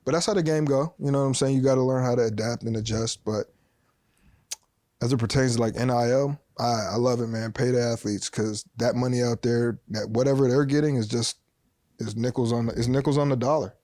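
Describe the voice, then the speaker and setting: Podcast guest, male, middle pitch, emphatic casual talker, dry sound. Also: fairly quick, no room sound. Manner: animated, emphatic, conversational with slang.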